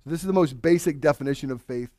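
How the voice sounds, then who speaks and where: A married man preaching a sermon to his congregation, swinging from loud urging to hushed, earnest questions. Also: a little high, fast, dry recording, clean studio sound. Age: adult, married with children. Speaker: pastor.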